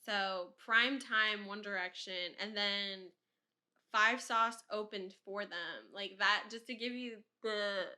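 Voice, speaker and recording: A young woman in her twenties talks loosely as a podcast host, circling her point with plenty of "like". Her voice is bright and forward, set at an ordinary middle pitch for a woman. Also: takes it slowly. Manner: rambling, heavy use of "like", laughs often. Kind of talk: casual chat.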